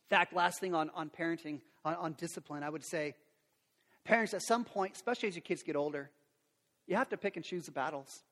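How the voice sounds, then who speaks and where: A middle-aged man preaching a sermon as a pastor, animated, acting out quotes and sound effects. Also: a little high, brisk. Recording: long reverb of a large hall.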